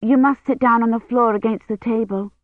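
A woman voicing a firm, caring young woman who speaks sternly and gently. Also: on the high side, steady tone, brisk, no echo, voice pushed up, lightly acted. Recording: tinny phone-like line.

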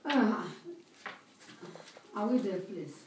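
A woman preaching a sermon with an interpreter, speaking slowly and emphatically and repeating phrases. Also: medium pitch, expressive, slight background noise. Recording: echoey hall, distant mic.

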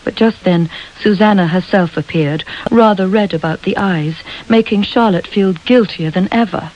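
A woman narrating a storybook in a measured, expressive way. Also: mid-range voice, dull audio. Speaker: audiobook narrator.

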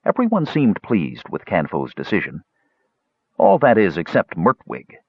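A man narrating a fantasy audiobook in measured, dramatic storytelling. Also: deep voice, huge pitch swings, husky, no room sound. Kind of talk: scripted narration. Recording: dull, dry lo-fi audiobook recording.

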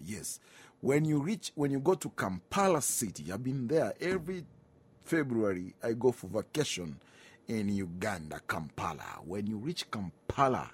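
A man's voice: fairly low pitch, sing-song, normal speed, breathy edge. A Kenyan man hosting a music radio show, chatting casually, mixing in Swahili phrases and reading out listener greetings and requests.

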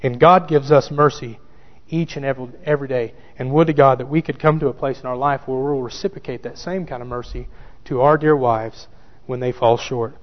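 A man's voice: medium pitch, steady tone, fairly quick, few pauses. A pastor preaching a sermon who repeats key phrases for emphasis and addresses his listeners directly. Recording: dull church recording with long reverb.

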